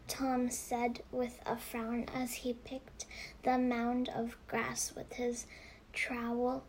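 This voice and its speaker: A woman reading a children's novel aloud, slowly and carefully, with restarts and whispered passages. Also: fairly high pitch, monotone, a little hiss or hum. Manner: slow, careful reading with many restarts, dropping to a whisper for hushed moments. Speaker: reader.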